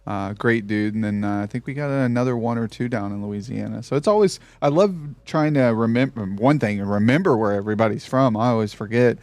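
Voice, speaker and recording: A man's voice: fairly low pitch, fairly quick, few pauses, a little mellow, no echo. A middle-aged man from Tennessee hosting a podcast interview, rambling and chatty with lots of fillers. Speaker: podcast host. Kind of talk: casual interview chat.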